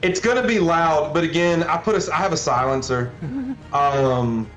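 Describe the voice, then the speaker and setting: A man's voice: a little high, normal speed, a bit bright, roomy sound, faint music behind. A man playing in a tabletop role-playing game, describing his character's actions with hesitant restarts. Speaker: player. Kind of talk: casual tabletop play.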